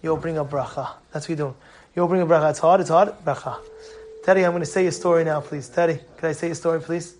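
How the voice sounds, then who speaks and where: A man's voice: fairly high pitch, fast talker, slight background noise. A man, a rabbi teaching a live class, speaking emphatically and repeating his points. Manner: emphatic, repetitive, animated storytelling. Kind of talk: live Torah class sermon.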